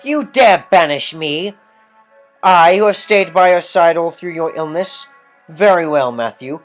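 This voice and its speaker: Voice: medium pitch, animated, measured pace, soft background music, voice pushed up, close to an everyday voice. A player doing a haughty, wounded sister. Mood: proud hurt. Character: proud older sister defending herself.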